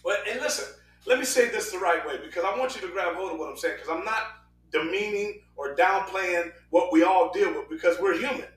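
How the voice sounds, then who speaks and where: A man preaching a sermon in an animated style, rushing through quick asides and breaking into sudden shouts. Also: high voice, reverberant, far from the mic, a little hiss or hum, low-quality recording.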